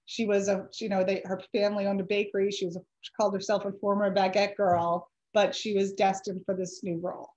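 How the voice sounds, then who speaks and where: A woman author giving a chatty slide presentation, pausing with ums and correcting herself, her voice a little dry from allergies. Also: medium pitch, little pitch movement, a little mellow, highs cut off. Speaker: author giving a library talk.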